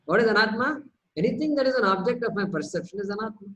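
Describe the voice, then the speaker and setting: A man, teaching a spiritual class in a relaxed back-and-forth with students. He talks in a lively way, asks one rhetorical question after another and often repeats words as he builds his point. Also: high voice, fast talker, low-quality recording. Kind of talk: question-and-answer teaching session.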